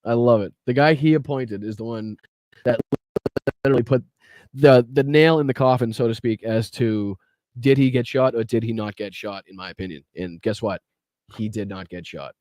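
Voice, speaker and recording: A man hosting a political podcast livestream reacts to clips and greets chat, blunt and profane throughout. His medium-pitched voice is a little mellow at a moderate pace, in clean studio sound without echo.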